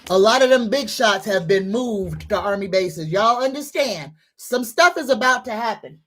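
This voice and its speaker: A woman's voice: mid-range voice, expressive. A woman hosting a psychic livestream, greeting viewers, reading comments and leading affirmations. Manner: greets viewers warmly, leads slow repeated affirmations.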